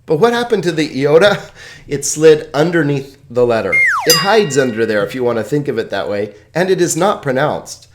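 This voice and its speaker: A man teaching Greek in a recorded video lesson, chatty and joking, slowing down to carefully pronounce example words. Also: on the high side, sing-song, slight background noise. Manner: chatty, joking, laughs at own puns.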